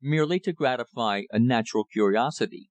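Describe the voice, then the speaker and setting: A man voicing a calm, guarded, thin-faced country rector who speaks in a drawl. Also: mid-range voice, brisk, no room sound, lightly acted.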